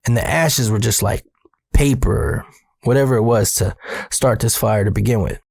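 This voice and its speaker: Gravelly, slangy male storyteller. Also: on the low side, normal speed, a little mellow, no room sound, clean studio sound. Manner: slangy, swears, talks to the listener directly. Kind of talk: casual spoken storytelling.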